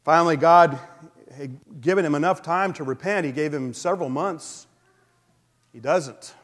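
A male pastor preaching a sermon in a relaxed, conversational way, with frequent fillers. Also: a little high, normal speed. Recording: long hall reverb.

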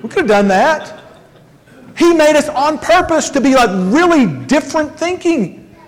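A man preaches a sermon in a conversational, joking way, tossing in quick asides. His voice rings out with a long hall reverb in a church sanctuary. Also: extremely high pitch, lively intonation. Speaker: pastor.

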